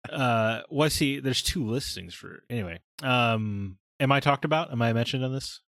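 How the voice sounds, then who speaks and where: Male co-host, mid-pitched, dry close mic, jokey and teasing. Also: animated, moderate pace, a bit bright, no echo. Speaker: podcast co-host. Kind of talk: casual podcast chat.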